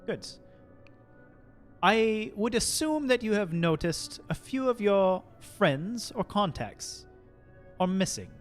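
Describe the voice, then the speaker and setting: A man voicing a calm, shrewd male ship captain in a tabletop game, speaking in a measured, cryptic way. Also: soft background music, heavily acted. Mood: scheming. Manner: measured, cryptic, lively pitch swings. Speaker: game master. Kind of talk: tabletop game role-play.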